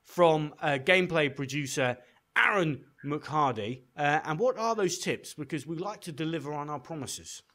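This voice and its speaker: Lively, teasing male podcast co-host. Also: a little high, normal speed. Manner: teasing, playful. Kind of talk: casual podcast banter.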